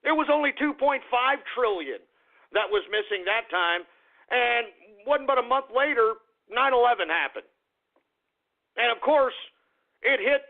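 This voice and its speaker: A male talk radio host rants in a profane, indignant ramble, with a high-set, gravelly voice. The sound is thin and tinny, like a phone line carried over the air. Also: animated, measured pace, pauses often. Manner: profane, rambling, indignant rant with repeated "man". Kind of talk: ranting talk radio monologue.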